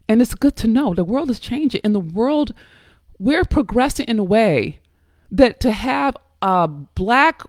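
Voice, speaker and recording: A woman's voice: on the high side, fairly bright tone, dry recording, studio quality. A woman from the United States giving motivational advice to other women in a blunt, emphatic way, cursing freely, often restarting words and checking in with "okay?" and "right?". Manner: many restarts and repeated words. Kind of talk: motivational talk to camera.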